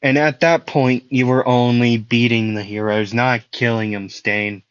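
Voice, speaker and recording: A man's voice: medium pitch, fairly even intonation, a little slow, smooth, no echo, lo-fi sound, lightly acted. A man doing a stern young swordsman hero.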